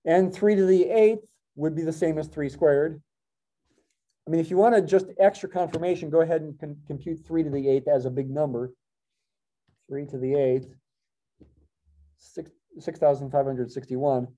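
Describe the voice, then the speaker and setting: A man's voice: on the high side, fairly even intonation, normal speed, long pauses, warm tone. A middle-aged man teaching a college math class, thinking aloud with wry asides and self-corrections. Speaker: math professor. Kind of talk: classroom lecture.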